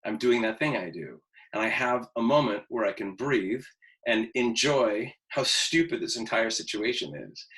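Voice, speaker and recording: This acting teacher in his fifties has a mid-range, fairly bright voice, captured on a rough recording. Before class he talks to students casually and candidly, cursing without restraint and poking fun at himself by acting out what goes on in his head.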